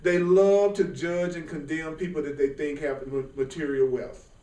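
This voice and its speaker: A man giving an informal spiritual class, talking in a lively, colloquial way and often laughing. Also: on the high side, moderate pace. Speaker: spiritual teacher. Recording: roomy sound from a distant mic.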